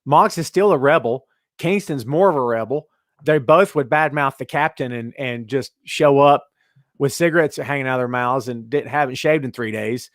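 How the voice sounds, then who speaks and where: A man hosting a casual wrestling talk show, animated and chatty, reading out listener comments. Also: medium pitch, normal speed, no room sound, clean studio sound. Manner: animated, reads out chat comments. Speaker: podcast host.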